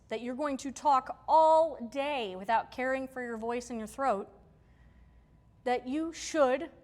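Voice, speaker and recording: A woman giving a live workshop talk to a room, conversational and emphatic, often checking in with her audience. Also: high-pitched. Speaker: workshop presenter. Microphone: handheld or stage mic.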